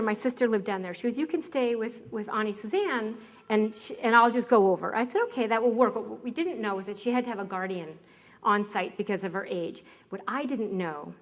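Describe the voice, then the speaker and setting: A middle-aged woman giving a personal testimonial to an audience in a lively, chatty way, laughing often and throwing questions at her listeners. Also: mid-range voice.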